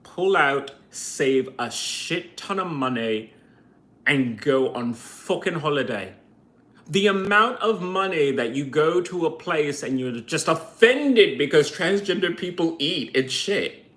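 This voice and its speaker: A man's voice: fairly high pitch, animated, takes it slowly, fairly bright tone. A man vlogging a heated, profane rant to camera, full of sarcastic rhetorical questions. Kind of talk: ranting monologue to camera.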